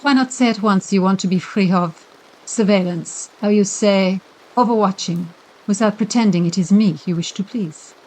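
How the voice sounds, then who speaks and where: A woman reading the part of a prim French governess with a shrill French accent and broken English. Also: moderate pace, a little mellow, close to an everyday voice, poor audio. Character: French governess, prim, brisk, then softening.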